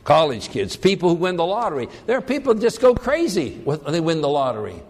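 A man teaching a Bible passage in a conversational sermon, acting out the people's complaints with lively emphasis. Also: on the high side, fast, long reverb tail. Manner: animated, acts out the people's complaints. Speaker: preacher.

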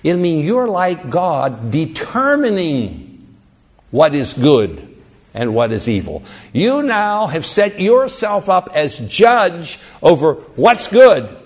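A man preaching a sermon, animated and emphatic, teaching through rhetorical questions. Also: a little high, takes it slowly.

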